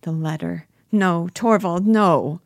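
A lively, coaxing young wife of a stage drama with nerves just under the surface, as a woman reader plays her. The voice stays low and the sound close and dry. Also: slow pace, creaky, dry recording. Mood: anxious.

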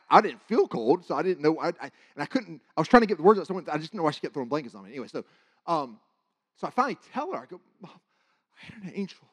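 Male preacher, fairly high voice, animated testimony storytelling, halting restarts, sudden hushed drops. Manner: animated, halting with many restarts, dropping to a hush at tense moments.

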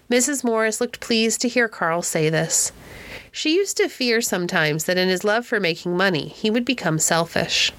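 A woman reading a classic novel aloud in a clear, steady storybook manner. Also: medium pitch, moderate pace, dry recording. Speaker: audiobook narrator.

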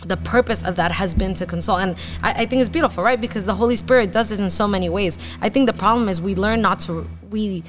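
A woman talking casually on a Christian podcast, chatty and animated, full of "like" fillers. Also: mid-range voice, fast, few pauses, soft background music.

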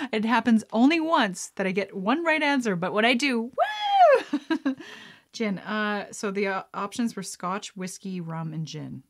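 Chatty excitable woman vlogger. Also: mid-range voice, moderate pace. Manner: chatty and excitable, squeals and laughs at right answers; reads questions aloud, mutters guesses to herself. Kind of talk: casual chat, playing a trivia card game.

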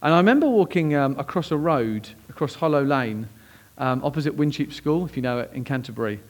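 A man, a pastor preaching a sermon as lively, conversational personal storytelling. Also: medium pitch, brisk.

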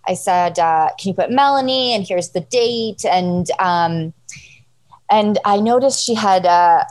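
Animated woman telling a funny story. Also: medium pitch, measured pace, low-quality recording. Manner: animated storyteller, acts out quoted voices, laughs a lot. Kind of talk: casual chat.

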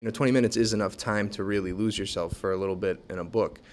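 A man who works as a special education teacher, talking in a relaxed, reflective way in an interview. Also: on the low side, fast, slight background noise. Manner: relaxed, reflective, many fillers. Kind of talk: casual interview talk.

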